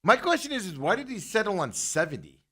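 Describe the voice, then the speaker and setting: A man's voice: high voice, big pitch swings, fast, a bit bright, husky. A man hosting a casual sports talk show, joking and chuckling between his points. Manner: joking, chuckling often, restarts.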